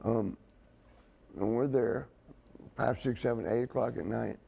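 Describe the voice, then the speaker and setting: A man's voice: medium pitch, fairly even intonation, a little slow, creaky, mellow, breathy edge. A man telling a rambling story as a guest in a casual chat, laughing as he goes. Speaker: wrestling guest.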